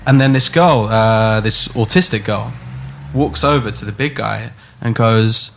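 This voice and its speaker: A man's voice: fairly low pitch, unhurried, creaky, slight background noise. A man hosting a casual podcast, telling a rambling anecdote with frequent laughs. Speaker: podcast host.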